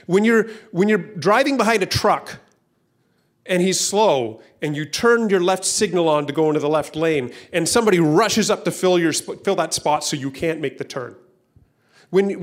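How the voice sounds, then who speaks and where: A man preaching a sermon as pastor to a church room and online viewers, talking casually and often repeating words. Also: a little high. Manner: conversational, repeats words, acts out voices in stories.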